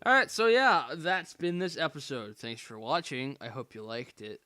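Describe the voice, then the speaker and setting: A man doing casual gameplay commentary as a let's play host, excitable, sarcastic and self-mocking. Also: a little high, normal speed, clean tone, no room sound, faint music behind.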